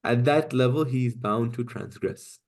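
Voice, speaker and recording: A man's voice: medium pitch, normal speed, vocal fry. A man teaching an online class, explaining step by step and often checking in with "right?" and "okay?". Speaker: Quranic Arabic teacher.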